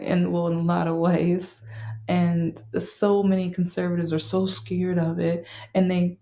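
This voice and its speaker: In an echoey room, a woman with a fairly low, mellow voice reviews a film she loved for her vlog. The monologue is casual and meandering, full of fillers and restarts.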